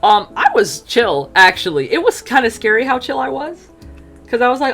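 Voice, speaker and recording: A woman chatting casually as she tells a personal story, full of fillers, acting out quotes in an animated way. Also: a little high, moderate pace, faint music behind. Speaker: streamer telling a personal story.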